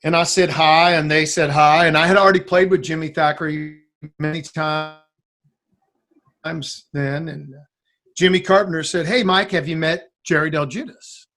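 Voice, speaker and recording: A man with a fairly high speaking voice tells a long story from his past in casual conversation. He rambles and restarts often, and he acts out the lines of the people in the story. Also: fairly even intonation, moderate pace, fairly bright tone. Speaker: guest musician.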